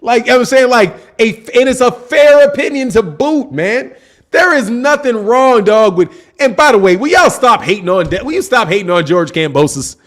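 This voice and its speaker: His voice is very high-pitched, a bit bright, and expressive, at a normal pace. As host of a boxing channel, he talks casually to his live chat in slang, going over the same words again to stress them.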